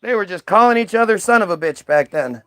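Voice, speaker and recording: A man's voice: high-pitched, expressive, a little fast, a bit bright, no room sound. A man giving heated, profane commentary, stumbling and repeating words as he reads aloud and reacts. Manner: ranting, profane, repeats words when worked up.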